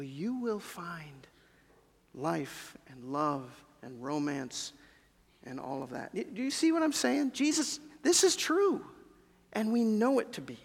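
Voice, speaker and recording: A pastor with a voice on the high side and vocal fry preaches a sermon in a church sanctuary, speaking conversationally and directly to the congregation. The long reverb of a large church hall fills the recording.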